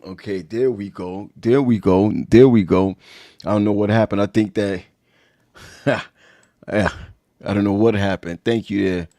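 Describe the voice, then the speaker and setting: A man hosts a relaxed livestream, his voice sitting low. He talks loosely, circles back and repeats himself. The sound is dry and close. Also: vocal fry, no echo. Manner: loose, repetitive, chatty. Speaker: host. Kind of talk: casual livestream chat.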